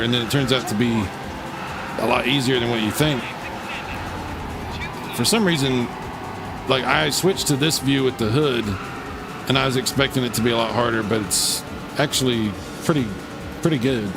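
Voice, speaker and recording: A man's voice: mid-range voice, normal speed, long pauses, music in the background. A man hosting a casual live gaming stream, chatting and reacting to viewer comments while he plays. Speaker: livestream host.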